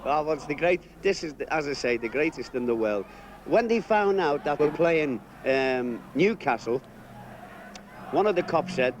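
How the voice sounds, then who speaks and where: A man's voice: on the high side, expressive, measured pace, slight background noise. A man, an interviewed fan, retelling jokes and chuckling. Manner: chuckling joke-teller.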